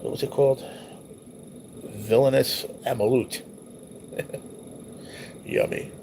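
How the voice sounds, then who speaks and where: A man's voice: mid-range voice, fairly even intonation, slow, creaky, warm tone, slight background noise. A man hosting a livestream, reminiscing casually over old photos in a loose, rambling, profane way. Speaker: livestream host.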